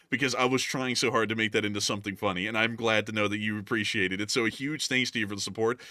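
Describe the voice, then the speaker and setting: A man's voice: medium pitch, bright, forceful tone, dry recording, clean studio sound. A man hosting a news livestream, chatting casually and rambling with lots of fillers. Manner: rambling, many "like" fillers, laughs easily.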